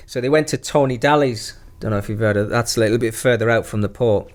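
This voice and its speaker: A man's voice: medium pitch, fast, few pauses. Laughing, swearing man spinning yarns. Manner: profane, laughing anecdote-teller. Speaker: former footballer guest. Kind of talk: casual storytelling.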